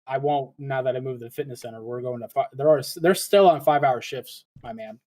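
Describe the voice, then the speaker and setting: A man co-hosting a casual live stream, relaxed and joking, swearing and laughing often. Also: mid-range voice, fast talker. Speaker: co-host. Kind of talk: casual chat.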